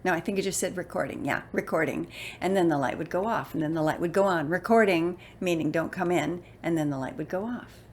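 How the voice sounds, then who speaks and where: A woman in her sixties telling a personal story in an animated, expressive way, acting out the voices she quotes. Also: on the low side, brisk, slight background noise. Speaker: motivational speaker and voice actor.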